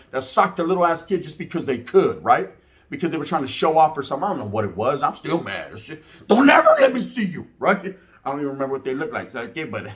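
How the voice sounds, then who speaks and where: Fairly high-pitched and fairly bright in tone, this forties-aged man hosts reaction videos. He recounts a story and gives opinions in relaxed, cursing street talk, often tagging on "right?"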